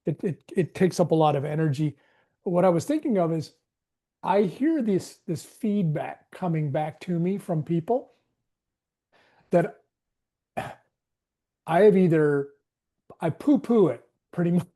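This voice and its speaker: Rambling man with a mellow voice. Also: a little high, expressive, measured pace, pauses often. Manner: rambling, self-questioning, acts out inner dialogue. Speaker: webinar participant. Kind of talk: casual group discussion.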